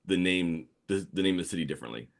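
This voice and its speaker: Deep-voiced man. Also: fast, vocal fry. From New Orleans area, Louisiana. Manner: animated storytelling with laughs. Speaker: guest comic artist. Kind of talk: casual podcast chat.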